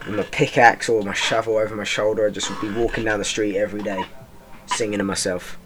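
A young man hosting a podcast, rambling in a deadpan, self-mocking way and swearing freely. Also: on the low side, fast. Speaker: podcast host. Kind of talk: rambling comic monologue.

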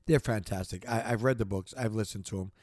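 A man's voice: on the low side, fast, a little mellow, no room sound. A man in the middle of a fired-up podcast monologue, talking straight to his listeners. He repeats himself, stumbles over words, and keeps pushing the same point with rising energy. The sound is close and dry, with no room around it. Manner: passionate, repetitive, gets worked up then apologizes. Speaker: podcast host.

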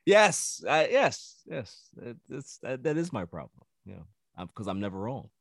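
A man hosting a casual sports podcast, animated and playfully protesting with easy laughter. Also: mid-range voice, normal speed, vocal fry, no echo, studio quality. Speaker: podcast host.

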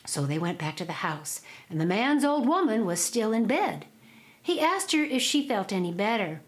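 A woman spins an old folk tale aloud. Her drawling delivery rises and falls with lively, animated pitch. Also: normal speed. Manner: drawling, expressive oral telling. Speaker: storyteller.

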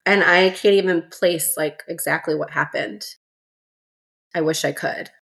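A young woman, a mother and doula, telling her story in a relaxed way, full of fillers, as a podcast guest. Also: lowish voice, measured pace, creaky. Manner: relaxed, filler-heavy, many "like"s. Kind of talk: casual storytelling interview.

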